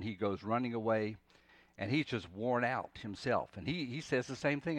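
A man's voice: mid-range voice, expressive, moderate pace, no echo. Preacher man, dry close sound. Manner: conversational preaching, dramatic dips to soft pleading when quoting. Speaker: pastor. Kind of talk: sermon.

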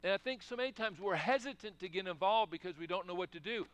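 A man's voice: high voice, quick pace, few pauses, no room sound. A man preaching a sermon in a conversational way, asking the congregation questions and breaking into emphatic bursts. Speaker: pastor.

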